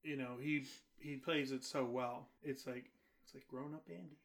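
A man co-hosting a casual movie review podcast, speaking in an easygoing, halting way with many fillers. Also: medium pitch, fairly even intonation. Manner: easygoing, hesitant, full of fillers. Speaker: podcast co-host.

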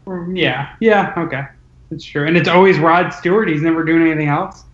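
A man with a voice on the higher side hosts a loose chat, tossing out teasing quips between laughs. The recording is muffled and echoes around the room. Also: a little fast. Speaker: podcast host. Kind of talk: casual chat.

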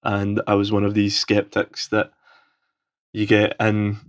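A man's voice: lowish voice, monotone, unhurried. A Scottish man from Scotland leaving an enthusiastic, rambling call-in question for a podcast. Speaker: caller. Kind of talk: recorded voicemail question.

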